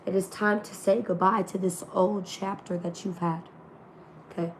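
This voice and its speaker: A woman with a mid-range voice reads tarot for her online viewers in a level tone at a moderate pace, with slight background noise. Her spiritual reading is casual, slangy and profane, and her voice is still healing.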